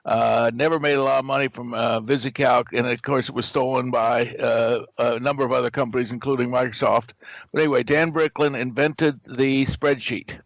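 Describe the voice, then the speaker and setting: An older man with a voice of middling pitch tells his story in an animated, theatrical way. He acts out every quoted line. The sound is close and dry, with no room around it. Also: moderate pace, no echo, rough recording. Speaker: guest, game company founder. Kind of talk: anecdotal storytelling.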